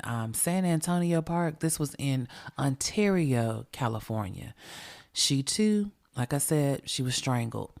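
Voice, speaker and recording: A woman with a low, darkish voice hosts a true crime podcast. She tells the story emphatically and conversationally, swearing freely and talking directly to her listeners.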